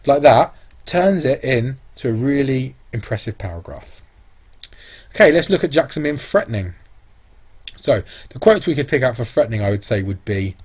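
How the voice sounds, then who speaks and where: Husky-voiced male English teacher. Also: medium pitch, a little mellow. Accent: British English. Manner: explains step by step, thinking aloud. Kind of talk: exam revision lesson.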